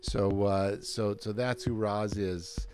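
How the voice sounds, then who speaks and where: A man's voice: on the low side, steady tone, slow pace, a little mellow. A man hosting a casual livestream chat over a video call, greeting viewers by name in a friendly way. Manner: friendly, reads out viewer names. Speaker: host.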